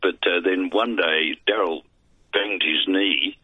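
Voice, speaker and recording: This older Aussie bloke has no teeth, so his low, husky voice comes out gummy, slow and with fairly even intonation. He's a veteran broadcaster and voice artist chatting as a guest in a relaxed interview, rambling through anecdotes full of dry, self-deprecating jokes. The audio is a tinny, dry phone line, close with no room sound.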